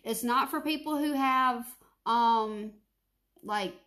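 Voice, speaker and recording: A woman's voice: fairly high pitch, takes it slowly, fairly bright tone. A woman, telling family stories in casual chat and dropping frequent "like" fillers. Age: 30s. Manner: chatty storytelling, frequent "like" fillers.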